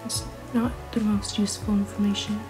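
A woman narrating an interactive story in a soft, hushed, second-person whispered role-play. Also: mid-range voice, little pitch movement, a little fast, over music, poor audio.

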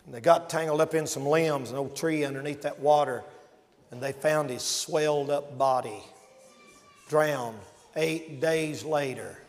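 A man preaches a revival sermon in a high, ringing voice. He shouts his warnings, then drops to a hushed tone to tell his stories. The sound carries a long reverb, like a large church hall. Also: fairly even intonation, unhurried. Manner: swings from shouting to hushed storytelling.

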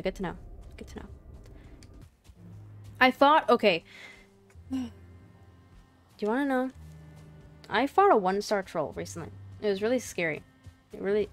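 Woman rambling thru her game, goofy and chatty, talks to the monsters, soft music under it. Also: medium pitch, clean tone. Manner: chatty, talks to game creatures, playful mock apologies. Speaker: gaming channel host. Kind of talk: casual gameplay commentary.

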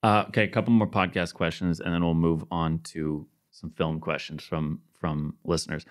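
A man interviewing on a podcast, reading listener questions in a brief, relaxed way. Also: low voice, normal speed.

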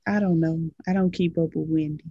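A woman's voice: sits low, fairly even intonation, mellow, husky, no room sound, highs cut off. A young adult woman co-hosting a casual podcast, reading celebrity headlines with sassy, drawling remarks. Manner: sassy, drawling, quick to laugh. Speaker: podcast co-host.

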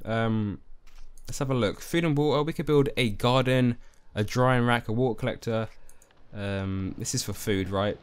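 A young man giving excitable let's-play commentary, easily spooked and talking to his viewers. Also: lowish voice, clear, resonant tone. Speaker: gaming YouTuber.

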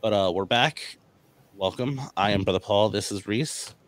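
A man's voice: lowish voice, normal speed, low-quality recording. A man hosting a casual podcast who rambles and stumbles, with many fillers. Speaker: podcast host.

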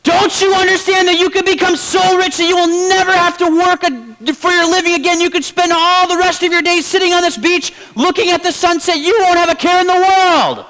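A man voicing an irritated businessman who lectures and then shouts as his anger grows. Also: high voice, lively intonation, brisk, few pauses, pitched above the performer's own voice, low-quality recording. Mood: shouting. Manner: insistent, rising to shouting. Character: pushy irritated businessman, adult man, growing angry.

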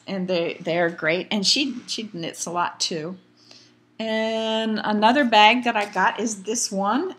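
A woman's voice: mid-range voice, fairly bright tone. Chatty woman rambling about her knitting. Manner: rambling, chatty, many fillers. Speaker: knitting vlogger. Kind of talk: casual chat.

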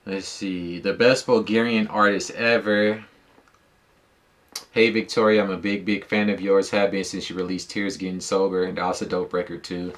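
A man with a low, deep voice talks through a song in casual reaction commentary. He is laid-back and slangy and thinks aloud with easy fillers. He speaks into a dedicated microphone. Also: little pitch movement, moderate pace. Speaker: music reaction YouTuber.

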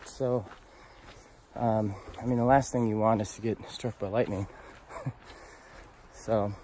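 A man on a long-distance hike telling a story casually, animated and profane, laughing as he goes. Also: lowish voice, slow pace, slight background noise. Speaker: thru-hiker vlogger. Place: outdoors on a mountain trail.

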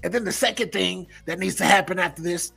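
A man's voice: high-pitched, a little fast, vocal fry, pushed and bright, slightly rough, faint music behind. A middle-aged man hosting a sports reaction channel, ranting emphatically, repeating himself and swearing. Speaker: sports commentary host.

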